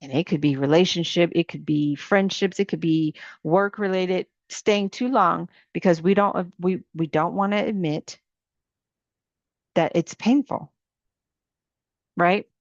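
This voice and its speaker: A middle-aged woman with a lowish voice preaching to women in an informal coaching sermon, pressing her point through repeated rising questions. The recording is dull and dry, with little room sound and a lo-fi edge. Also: measured pace, dry recording. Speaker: ministry coach.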